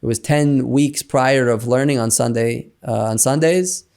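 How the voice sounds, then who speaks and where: A man in an interview, telling a personal story in a chatty, animated way with many fillers like "you know". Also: mid-range voice, measured pace, gravelly. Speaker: interview guest.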